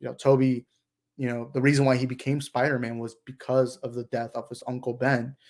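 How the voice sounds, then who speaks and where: A young adult man hosting a casual movie discussion livestream, excited and rambling, with lots of fillers. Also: mid-range voice, brisk. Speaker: channel host.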